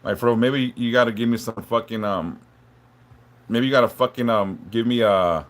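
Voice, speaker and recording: A man hosting a live stream, talking haltingly and emotionally, stumbling and repeating words, swearing a lot and apologizing for opening up. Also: medium pitch. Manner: apologetic and openly vulnerable. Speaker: livestream host reading chat.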